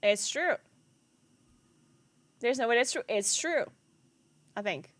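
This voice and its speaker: A woman's voice: on the high side, animated, slow, a bit bright, no echo. A woman streaming live, chatting casually with her viewers, laughing often and swearing. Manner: laughing helplessly, swearing, talking to chat.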